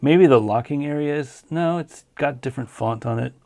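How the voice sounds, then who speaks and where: A man's voice: on the high side, normal speed, darkish tone. A man hosting a casual livestream, answering viewer questions in an easygoing, hesitant way, tired and losing his voice. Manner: easygoing, hesitant with many ums.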